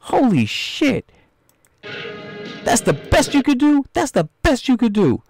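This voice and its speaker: A man's voice: mid-range voice, animated, quick pace, soft background music, natural voice. A man voicing a hot-tempered, foul-mouthed film director who bosses an actor around. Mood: furious. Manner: coaxing, then yelling insults.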